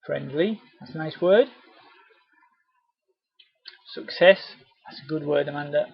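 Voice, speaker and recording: Male presenter, chatty and encouraging, husky and dry, webinar mic. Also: a little high, measured pace, no echo. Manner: chatty, encouraging, acts out cheery doorstep greetings. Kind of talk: live webinar training. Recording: dull, lo-fi webinar audio.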